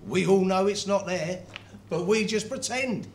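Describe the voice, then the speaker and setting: A man's voice: high voice, a little slow, slight background noise. An actor playing a sarcastic, brusque film director who insults his cast.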